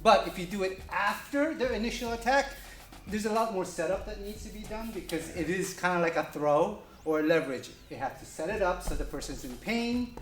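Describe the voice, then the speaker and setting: A man's voice: sits high, expressive, fairly quick, faint music behind. Joking kung fu instructor man. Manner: loose, joking, many fillers and restarts. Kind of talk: casual demonstration lesson. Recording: echoey room.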